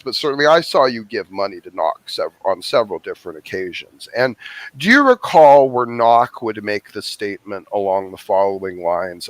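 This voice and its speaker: A man's voice: mid-range voice, a bit bright, no room sound. A man hosting a live call-in stream, wordy, often restarting his sentences. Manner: wordy, with frequent restarts and fillers. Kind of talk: casual live-stream chat.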